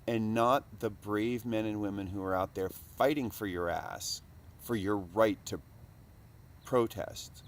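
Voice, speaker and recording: A man with a mid-range voice rambles into a recording device in a casual, profane monologue. His volume swings from mumbles to loud outbursts.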